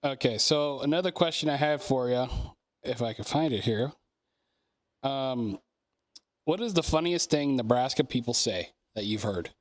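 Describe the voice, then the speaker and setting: A man from Canada hosting a podcast, asking questions in relaxed casual chat and swearing freely. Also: medium pitch, moderate pace, no echo. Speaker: podcast host.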